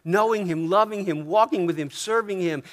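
High-voiced American pastor preaching. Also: male voice, normal speed. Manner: conversational preaching, frequent "right?" checks; swings from soft asides to emphatic rises. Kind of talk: sermon.

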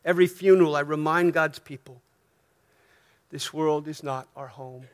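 High-voiced American pastor preaching. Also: male voice, normal speed. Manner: conversational preaching, frequent "right?" checks; swings from soft asides to emphatic rises. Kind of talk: sermon.

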